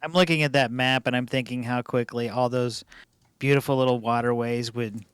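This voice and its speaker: A man's voice: medium pitch, steady tone, normal speed, clean tone, no room sound, clean studio sound. A man co-hosting a podcast in casual chat, joking and mocking, laughing often between lines. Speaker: podcast co-host.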